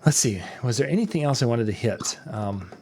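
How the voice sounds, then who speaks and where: A man's voice: medium pitch, lively intonation, a little fast, darkish tone, husky. A man hosting a casual chat show, mostly agreeing briefly and nudging the talk back on track. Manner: brief agreeable backchannels, steering the show along. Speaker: show host.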